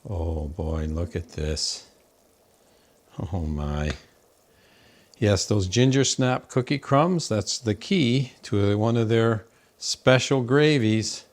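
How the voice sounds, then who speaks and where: A man with a fairly low voice hosts a home cooking demonstration in his kitchen. He speaks slowly and unhurriedly, exclaiming over the food and chatting to viewers as folks. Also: animated. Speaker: cooking show host.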